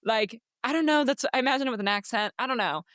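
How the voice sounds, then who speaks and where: A young woman co-hosting a book podcast in casual chat, animated and swearing freely. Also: a little high, fast, no room sound, studio quality. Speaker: podcast co-host.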